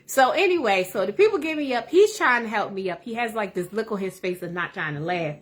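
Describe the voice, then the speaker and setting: A woman hosting a livestream, telling a funny personal story in a casual, animated way. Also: mid-range voice, fairly quick. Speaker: livestream host.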